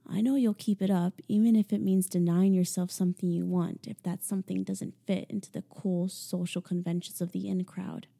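A woman voicing a teasing, controlling young man who speaks softly and calmly in an audiobook. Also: on the low side, vocal fry. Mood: low stern. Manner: soft, slow, menacing calm.

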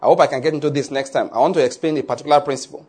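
A man pastor preaching a sermon with animated delivery, often checking "are you getting my point?". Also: mid-range voice, rapid-fire, husky.

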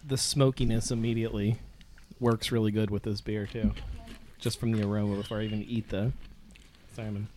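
Casting: lowish male voice, measured descriptive talk, faint hiss behind. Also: level tone, a little mellow. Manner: measured, descriptive about flavors. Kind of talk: casual chat.

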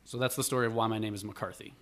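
Racing along in a lowish voice, a Buffalo, New York guest tells a family story during a casual chat. He's lively and digressive, acting out the quotes.

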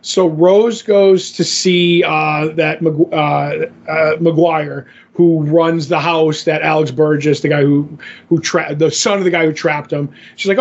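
A man with a fairly high voice rambles through a comic book recap, leaning on "like" and "kind of a deal" as he goes. He co-hosts a casual podcast. The sound is dull and lo-fi. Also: fairly even intonation, unhurried. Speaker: podcast co-host.

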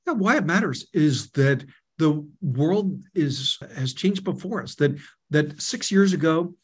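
A slightly high, slightly rough male voice at a measured pace comes from an emphatic man on a video call, a media co-founder and author appearing as a guest. In this webinar interview he explains and tells anecdotes energetically, repeating key words in lists.

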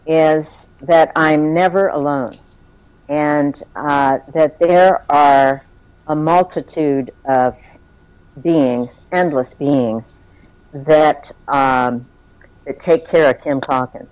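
A woman's voice: low voice, darkish tone, no room sound, poor audio. Heartfelt woman in her sixties, dry sound. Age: 60s. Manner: heartfelt, halting, with many fillers. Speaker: guest. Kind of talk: personal storytelling in conversation.

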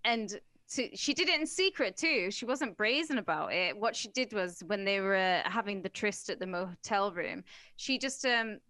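A woman's voice: mid-range voice, expressive, normal speed, bright, forceful tone, no room sound. A woman co-hosting a casual podcast chat, recounting a story with blunt, wry, crude humor. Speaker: podcast co-host recounting a case.

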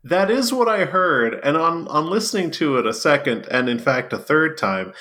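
A man's voice: a little high, moderate pace, slight background noise. A man co-hosting a casual comedy podcast, joking playfully and often laughing. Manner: playful, lively, laughs between phrases. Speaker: podcast co-host.

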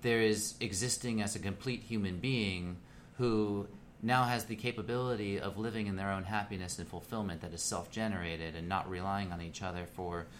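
A man with a fairly low voice speaks bluntly and swears freely. He sounds like a podcast co-host giving straight relationship advice in casual chat. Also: fairly even intonation, normal speed, slight background noise.

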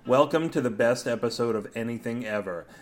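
A man's voice: medium pitch, brisk. A man narrates a comic story on his own podcast, tossing off silly asides between scenes. His delivery is playful and loose. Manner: playful, absurd wordplay. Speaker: podcast host and story reader.

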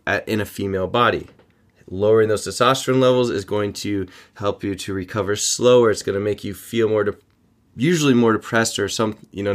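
A man hosting a fitness podcast, talking informally with joking asides and quick self-corrections. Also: fairly low pitch. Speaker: podcast host. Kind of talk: casual fitness podcast monologue.

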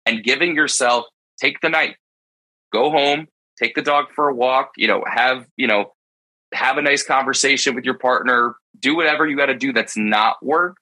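Man, business owner, earnest and confessional, very bright tone, husky edge. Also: medium pitch, low-quality recording. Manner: earnest, confessional, with quick bursts and restarts. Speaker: pet care business owner, panelist. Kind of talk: candid roundtable discussion.

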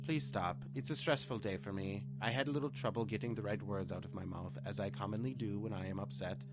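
A man's voice: on the low side, brisk, over music, close to an everyday voice. A man playing a fussy, flustered male space commander who stumbles over his words in a comedy audio sketch. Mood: exasperated.

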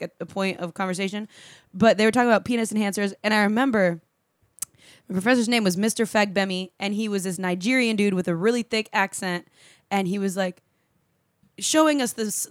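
A woman co-hosting a podcast in casual banter, quick and teasing, often laughing. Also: mid-range voice, no echo, clean studio sound.

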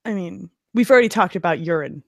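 Lively, joking woman podcast host. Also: fairly low pitch, fast, gravelly, dry recording, clean studio sound. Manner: animated, profane, joking. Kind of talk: casual chat.

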